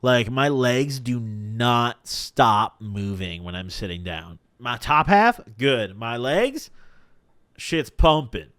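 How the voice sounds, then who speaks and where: A man's voice: mid-range voice, slow, no echo, studio quality. A young man hosting a podcast live stream, telling stories in a casual, profane, slang-heavy way. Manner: profane, animated storytelling with slang. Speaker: podcast host.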